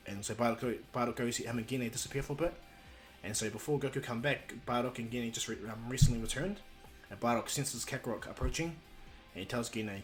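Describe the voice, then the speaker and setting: A man's voice: medium pitch, brisk, fairly bright tone, faint music behind. A man narrating a fan-made story casually, rambling with many ums and restarts.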